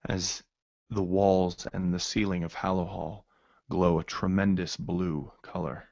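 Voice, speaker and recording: A man narrating a tabletop game as game master, in a halting way with many fillers. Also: sits low, level tone, vocal fry, darkish tone, no room sound, lo-fi sound.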